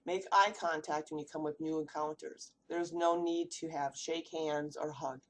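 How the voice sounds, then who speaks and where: A woman's voice: sits low, fairly even intonation, normal speed. A woman from the United States giving a read-aloud class presentation, asking rhetorical questions as she goes. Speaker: student presenter.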